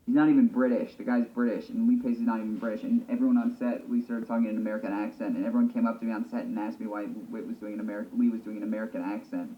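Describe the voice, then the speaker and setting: Quick talking guy, low voice, sounds far off and tinny. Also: level tone. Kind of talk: casual interview talk. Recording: distant, phone-like sound.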